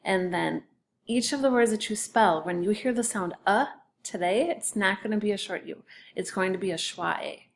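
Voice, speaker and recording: A woman's voice: medium pitch, normal speed, creaky, slight background noise. A woman teacher giving a recorded spelling lesson for children, patiently sounding out each word by syllable.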